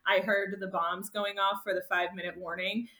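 A woman's voice: mid-range voice, little pitch movement, brisk, bright, forceful tone, roomy sound. A woman guest telling a race story in casual conversation, emotional and laughing often as she relives it. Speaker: guest ultrarunner.

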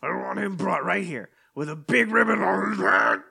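A man voicing the Hulk, shouting a furious rant of insults. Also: high-pitched, moderate pace, gravelly, a crowd in the background. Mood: raging. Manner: shouting, roaring insults in a strained voice. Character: raging green giant doing an angry office rant.

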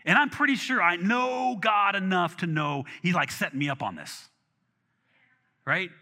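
A man delivers a sermon with a lively, swinging pitch and a bright, forceful tone. He talks conversationally, restarting phrases and repeating words. His voice rings in a large hall with long reverb and drifts off-mic at times. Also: a little slow. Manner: animated and conversational, with restarts and acted asides. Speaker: pastor.

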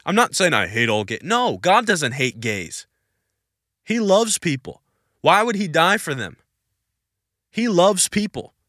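A man's voice: high voice, very animated, a little slow, long pauses, a bit bright, no room sound, clean studio sound. A man hosting a Christian podcast Q&A, answering questions in an emphatic, insistent, preachy way and repeating his points. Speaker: podcast host.

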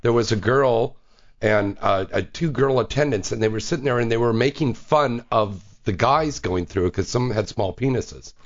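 A man's voice: medium pitch, normal speed. A man hosting a radio talk show, joking around crudely and taking calls. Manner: jokey, crude, lively. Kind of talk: casual radio chat. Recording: dull lo-fi radio audio.

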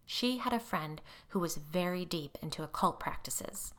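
A woman's voice: medium pitch, animated, normal speed, a bit bright, voice pushed up. A woman voicing a defensive, anxious middle-aged mother in a story reading. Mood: tense.

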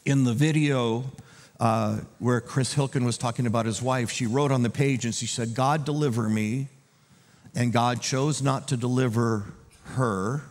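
A man preaching a conversational sermon as a pastor, dropping to a hushed, gentle tone and then rising into loud, urgent appeals. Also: mid-range voice, steady tone, moderate pace, in a large hall. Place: church auditorium.

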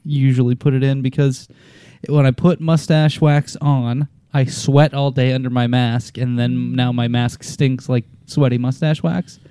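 A man co-hosting a casual chat, teasing and deadpan with his jokes. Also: mid-range voice, a little slow, clear, resonant tone, dry recording. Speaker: co-host.

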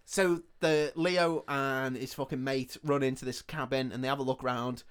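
A man with an average-pitched voice retells a story in a casual, sweary way, laughing often. He sounds animated and loose, like a comedy podcast co-host. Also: moderate pace, clear, resonant tone.

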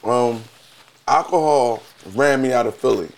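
A man's voice: medium pitch, unhurried. A man, telling his personal story candidly and reflectively as a podcast guest.

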